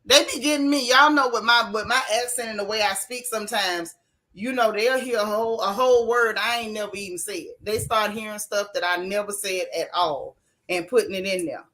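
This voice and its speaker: A woman hosting a casual live stream, reacting to a reality TV reunion and reading viewer chats aloud, chatty and blunt with relaxed colloquial grammar. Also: mid-range voice, a little fast. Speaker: host of a reality TV recap channel.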